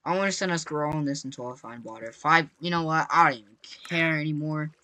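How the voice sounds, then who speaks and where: An excitable gaming creator narrates live gameplay, talking constantly to viewers in a chatty, repetitive way with playful slang and shrieking whenever something startles him. His voice is mid-range and his pace quick.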